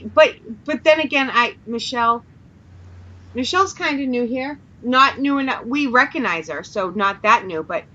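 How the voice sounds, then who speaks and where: Bright-voiced woman with a Massachusetts accent. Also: fairly high pitch, muffled recording. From Massachusetts and New Hampshire. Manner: interjecting, playful, drops her R's. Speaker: radio show co-host. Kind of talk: casual chat.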